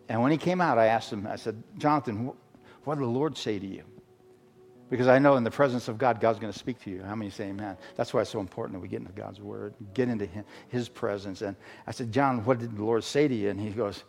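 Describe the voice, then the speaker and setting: A middle-aged man from Arizona, a guest preacher telling a story as a sermon testimony, halting, with many fillers and restarts. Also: fairly low pitch, steady tone, creaky. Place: church sanctuary. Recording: long hall reverb with faint music.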